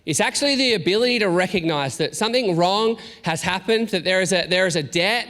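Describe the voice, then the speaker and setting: A man in his thirties, a pastor, giving a sermon in a casual storytelling way with halting restarts and self-deprecating asides. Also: sits high, fairly bright tone. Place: church hall. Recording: long reverb in a large room.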